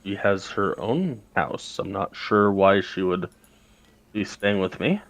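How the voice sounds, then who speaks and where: A man's voice: fairly low pitch, animated, slow pace, no echo. Man voicing a shy, stammering town speaker. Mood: flustered. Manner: hesitant, formal, stumbling over words.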